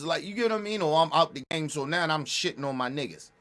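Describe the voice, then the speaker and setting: A man talking casually and bluntly, repeating and restarting his phrases, with emphatic jumps in pitch and loudness. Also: fast talker, hardly any pauses. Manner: blunt, repetitive, restarts phrases, profane slang. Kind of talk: casual street talk commentary.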